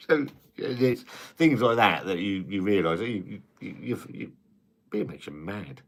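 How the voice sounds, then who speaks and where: Low-voiced man rambling on a live stream. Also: lively intonation, measured pace, creaky. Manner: rambling, frequent restarts and casual swearing. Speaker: live-stream host reading viewer comments. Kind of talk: casual live-stream chat.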